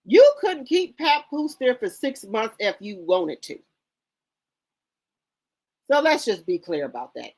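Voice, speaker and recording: Host: woman, AAVE speech, high and sing-song voice. Sassy, indignant gossip commentary, repeats for emphasis. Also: sing-song, slow, long pauses, a little mellow. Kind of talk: casual commentary reading posts aloud.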